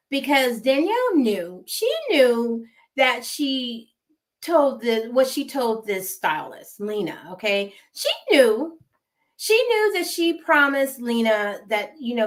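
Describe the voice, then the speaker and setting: A woman's voice: on the high side, very animated, takes it slowly, a bit bright. A woman with a West Coast American accent gives casual, emphatic gossip commentary and repeats words for effect. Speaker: gossip vlogger.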